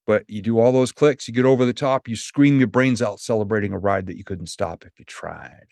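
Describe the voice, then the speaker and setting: A man's voice: on the low side, fairly quick, vocal fry, no echo, studio quality. A middle-aged man from New Hampshire, a motivational speaker telling a story in a podcast interview and acting out the voices of people he quotes. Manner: animated storyteller who acts out quoted voices.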